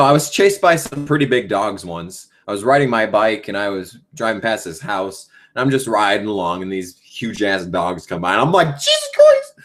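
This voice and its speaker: A man's voice: lowish voice, a bit bright. A young man in his late teens hosting a casual live Q&A as a gaming YouTuber. He rambles with lots of ums and swears freely.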